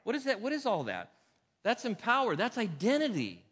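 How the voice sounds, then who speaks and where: A man preaching a sermon in a church, emphatic and dramatic, moving between loud urgent lines and hushed quiet ones. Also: high voice, wildly swooping pitch, moderate pace, breathy edge. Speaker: pastor. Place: church sanctuary. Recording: reverberant hall sound.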